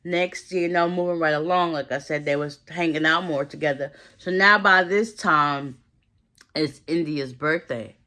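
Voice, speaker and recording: Chatty woman recapping a movie, sharp voice. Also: deep voice, unhurried. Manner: chatty, slangy retelling that acts out the characters' lines.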